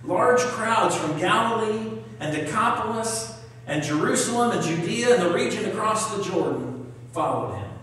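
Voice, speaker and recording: Male pastor, storytelling sermon delivery, high-pitched, recorded at a distance in a reverberant hall. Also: expressive, normal speed, a bit bright. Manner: storytelling preacher, reads scripture aloud, asks the congregation questions. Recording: echoey hall, voice from far off.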